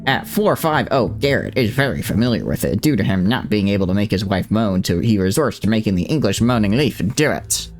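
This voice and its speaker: A man's voice: on the low side, expressive, a little fast, few pauses, soft background music. A man putting on a know-it-all nerd voice. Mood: mock-scholarly. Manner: mock-scholarly reading voice. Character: nerdy man reading out a trivia fact. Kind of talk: reading chat aloud in a put-on voice.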